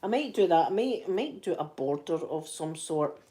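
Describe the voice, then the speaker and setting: Soft-spoken Scottish woman in her fifties. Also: sits low, expressive, normal speed, husky. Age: 50s. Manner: rambling, self-mocking storytelling. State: sore throat. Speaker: ASMR channel host. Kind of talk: soft-spoken ASMR chat.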